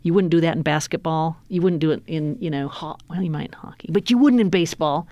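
A woman hosting a political talk radio show, brisk and upbeat as she leads each segment. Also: low-pitched, mellow. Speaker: radio host.

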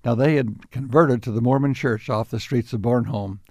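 An older man recounting memories at an easy pace, often stopping to restart a phrase and chuckling along the way. His voice sits in a middle pitch. It is recorded close and dry, with no room sound around it. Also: darkish tone, no echo. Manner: unhurried, with frequent restarts and chuckles. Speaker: interviewee. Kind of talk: reflective storytelling.

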